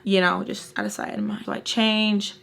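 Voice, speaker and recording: A woman tells a story straight to her viewers in a casual, blunt way, full of curses and "like." Her voice has a gravelly, frayed fry under an ordinary mid-range pitch. She sounds heated and unfiltered. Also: level tone, normal speed, a bit bright. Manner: heavy swearing, frequent "like" fillers. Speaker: storytime vlogger.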